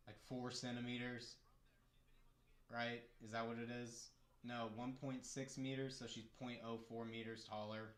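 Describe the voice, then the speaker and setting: A man's voice: mid-range voice, roomy sound. A man hosting a casual live stream, chatting and joking as he talks through the fights and answers his chat from a room at home. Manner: chatty, jokey, reads chat aloud.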